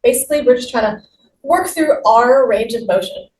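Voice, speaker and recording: Recorded through a distant, roomy mic with a faint hiss, a female instructor guides an exercise class, offering cheerful, motivating cues as she moves. Her pitch is fairly high with a darkish tone, at normal speed.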